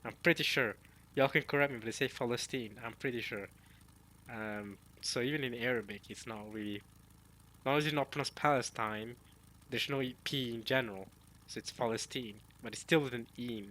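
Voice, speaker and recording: A man reading a manga chapter aloud and reacting in casual chat, talking to his viewers and musing out loud. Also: mid-range voice, fairly quick, a little hiss or hum. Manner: chatty, addresses viewers as y'all, muses aloud.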